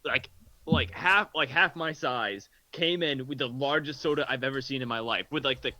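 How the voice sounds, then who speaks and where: A young man co-hosting a podcast, telling stories in an animated, casual way. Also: mid-range voice, moderate pace. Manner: animated storyteller. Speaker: podcast co-host. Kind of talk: casual chat.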